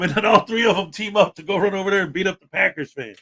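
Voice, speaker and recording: A man with a bright, forceful voice pitched a little high hosts a casual live stream. He rambles loosely from one thought to the next, laughs often and lets his sentences trail off. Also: quick pace, hardly any pauses. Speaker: host.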